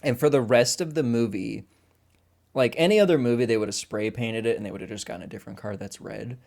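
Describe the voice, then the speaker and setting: A man's voice: mid-range voice, fast, gravelly, a little mellow. A man co-hosting a film podcast in casual chat, laughing a lot, swearing freely and acting out scenes. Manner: laughing often, swearing, acting out movie lines. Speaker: podcast co-host.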